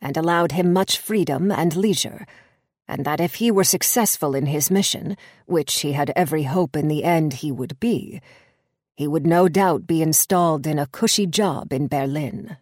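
A woman reading the part of a pale, nervous male spy clerk, speaking in a measured, grim, confiding way. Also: low voice, a little mellow, no echo, studio quality.

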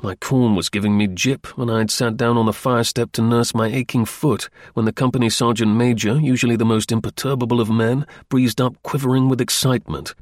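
A man reading a first-person story aloud as an audiobook narrator, in a measured, wry storytelling manner. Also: mid-range voice, fairly even intonation, dry recording, studio quality.

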